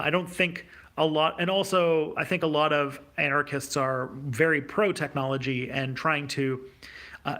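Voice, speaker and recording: Male streamer, gravelly voice, casual unscripted Q&A, hesitant and halting. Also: medium pitch, a bit bright. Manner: hesitant, many fillers and restarts. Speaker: YouTube host. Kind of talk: livestream Q&A reading viewer questions.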